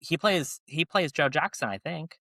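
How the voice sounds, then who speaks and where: A man's voice: fairly high pitch, normal speed, vocal fry, bright, forceful tone, no room sound. A young man co-hosting a podcast in a casual, playful way, laughing often and restarting his sentences. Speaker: podcast co-host. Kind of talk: casual chat.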